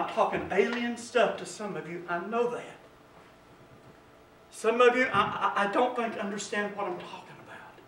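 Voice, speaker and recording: High, bright-voiced preacher in an echoey church. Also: male voice, a little hiss or hum. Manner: preaching, swings from hushed to shouting. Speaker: pastor. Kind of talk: sermon. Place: church sanctuary. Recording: echoey church from far off, music behind.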